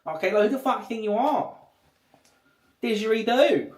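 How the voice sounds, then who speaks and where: Bloke doing a loud fake aussie accent, touchy and swearing, higher voice, roomy echo. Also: male voice, normal speed, natural voice. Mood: belligerent. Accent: put-on Australian. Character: brash, touchy Australian bloke picking a fight. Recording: echoey room.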